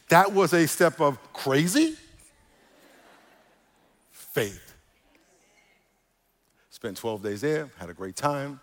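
A male pastor preaching, animated, moving between quiet asides and loud emphatic calls to the congregation. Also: on the high side, drawn-out words, long pauses. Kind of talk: sermon. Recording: reverberant church hall.

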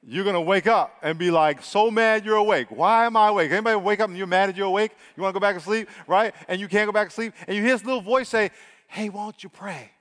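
A man preaching a sermon, lively, rising loud and dropping to near hushes. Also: high-pitched, quick pace, few pauses. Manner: energetic, swings from loud to hushed. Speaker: pastor. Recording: long hall reverb.

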